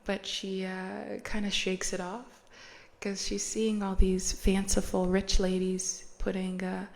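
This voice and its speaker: A woman's voice: mid-range voice, monotone, takes it slowly, vocal fry. A woman hosting a podcast who retells a story in a chatty, slangy, casual way and laughs often. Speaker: podcast host.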